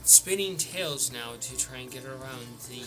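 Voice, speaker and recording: A man's voice: medium pitch, normal speed. A man narrating as game master, playful and laughing often. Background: background music.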